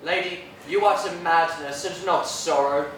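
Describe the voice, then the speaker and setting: A man's voice: a little high, moderate pace, a bit bright, a little hiss or hum, lightly acted. A man playing a stern churchman rebuking a grieving lady, in classical stage acting. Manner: stern, reproving. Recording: echoey room taped from far off.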